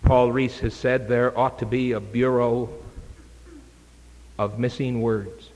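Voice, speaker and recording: A man preaching an urgent evangelistic sermon, dramatic and moving from hushed to loud. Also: mid-range voice, little pitch movement, slow pace, long reverb tail, rough recording.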